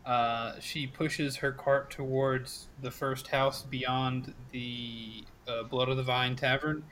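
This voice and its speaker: A man running a tabletop game, describing the scene in a loose, filler-heavy way. His voice is bright and forward. The recording is dry with a faint hiss. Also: medium pitch, flat delivery, takes it slowly, poor audio. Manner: casual, filler-heavy narration. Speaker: game master.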